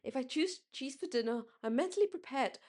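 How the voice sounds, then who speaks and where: A woman's voice: high voice, expressive, brisk, a little mellow. A young woman from Singapore rambling in a casual late-night vlog, correcting herself often and laughing as she talks. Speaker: vlogger.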